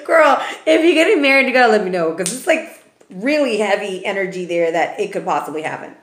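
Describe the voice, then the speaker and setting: A woman's voice: mid-range voice, expressive, brisk, background noise. Chatty woman tarot reader, roomy sound. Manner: chatty and profane, ending remarks with "okay?". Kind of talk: casual tarot reading. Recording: roomy echo.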